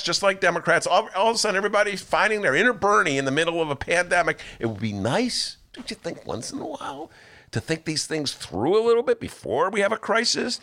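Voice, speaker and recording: A man hosting a political talk show, sarcastic and animated, laughing often as he comments. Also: high voice.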